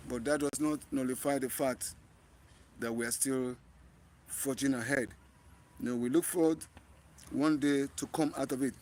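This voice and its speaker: A man's voice: medium pitch, steady tone, normal speed, pauses often, a little mellow. A man with a Nigerian accent hosting a live stream outdoors, talking earnestly to viewers and often repeating and restarting his phrases. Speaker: livestream host. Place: outdoors in bright sun.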